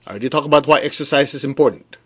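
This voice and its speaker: Husky-voiced man teaching spirituality. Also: mid-range voice, very fast. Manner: conversational, with rhetorical questions and direct address; calm guided affirmations. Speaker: spiritual teacher leading a meditation. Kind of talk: motivational talk on a livestream. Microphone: phone livestream.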